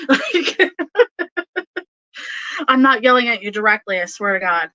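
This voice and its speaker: A woman gives a casual tarot reading to her channel at a slow, unhurried pace, rambling through plenty of fillers and breaking into frequent laughs. Her voice is bright and clear, and the recording is close and dry. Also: a little high, very animated, dry recording, soft background music, rough recording. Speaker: tarot reader.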